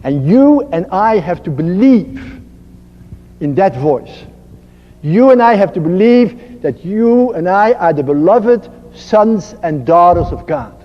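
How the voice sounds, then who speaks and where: A man with a Dutch accent giving an earnest spiritual talk as a priest, slow and emphatic, repeating his phrases. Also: high voice, expressive. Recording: muffled archival recording in a reverberant hall.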